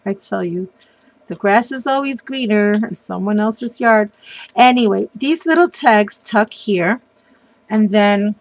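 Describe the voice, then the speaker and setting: Slow, gravelly-voiced chatty woman. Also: mid-range voice, no room sound. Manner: chatty, gushing, frequent ums and giggles. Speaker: papercraft designer. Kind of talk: casual craft show-and-tell.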